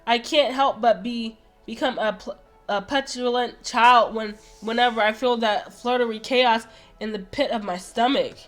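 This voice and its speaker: A woman reading the lines of a nervous young man confessing his feelings in a game, earnest and halting. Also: on the high side, faint music behind, natural voice. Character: nervous young man confessing love, prickly but shy.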